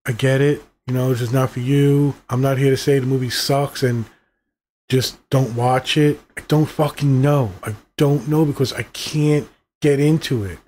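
A man's voice: medium pitch, fairly even intonation, moderate pace, darkish tone, a little hiss or hum. A middle-aged man giving a casual, rambling movie review, profane and exasperated as he rants.

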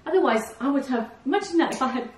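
A woman's voice: high voice, lively intonation, fast, a little mellow, slight background noise. A woman chatting casually to camera from her couch at home, laughing often and coaxing her dogs to settle between remarks. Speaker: vlogger. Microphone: camera set a few feet away. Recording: roomy, from a distance.

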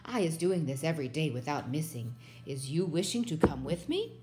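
A woman voicing a big, gentle male giant who speaks slowly and softly with mangled grammar. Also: deep voice, very animated, very noisy. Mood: coaxing. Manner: slow, soft and hushed.

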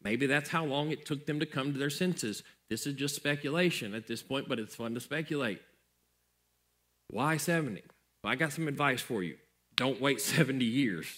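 A man's voice: on the high side, sharp tone. A male pastor preaching a sermon in a conversational way, repeating phrases for emphasis.

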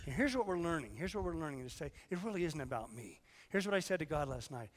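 Hoarse man preaching in an echoing hall. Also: a little high, sing-song, fast talker, hardly any pauses. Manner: conversational preaching, questions to the congregation, swings from loud to hushed. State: hoarse, fighting sickness. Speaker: pastor. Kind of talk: sermon.

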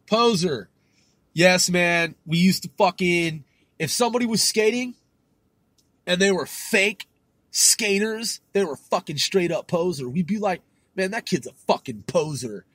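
This podcast host from California has a slightly high, somewhat bright voice, captured dry. His casual monologue is slangy and relaxed, packed with swearing and frequent laughter.

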